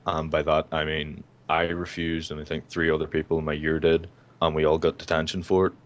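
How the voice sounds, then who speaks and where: A man's voice: extremely low pitch, level tone, a little fast, dull audio. A nineteen-year-old man co-hosting a casual online chat, ranting and swearing freely. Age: young adult, 19. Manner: profane, ranting. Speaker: co-host.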